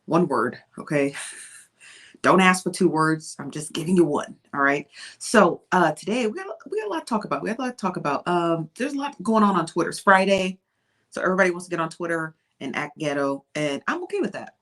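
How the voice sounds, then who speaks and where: A woman's voice: lowish voice, expressive, moderate pace, a bit bright. A woman hosting a casual live stream, chatting loosely and greeting her viewers one by one. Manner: chatty, greets viewers by name, drops into whispers. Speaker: livestream host.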